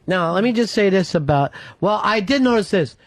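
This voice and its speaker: A man's voice: high-pitched, animated, a little fast, no room sound. A man hosting a talk radio show, telling stories and teasing guests in casual studio banter. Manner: wry storytelling, teasing. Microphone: studio mic.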